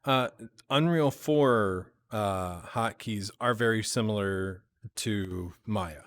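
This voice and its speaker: A man's voice: on the low side, takes it slowly, a bit bright, no room sound. A man hosting a casual chat, talking hesitantly with many fillers and restarts. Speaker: show host.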